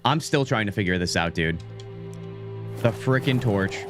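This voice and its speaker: Chatty American man with a lively voice. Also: on the low side, measured pace, music in the background. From United States. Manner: rambling, chatty, reads menus aloud. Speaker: streamer. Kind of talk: casual gameplay commentary.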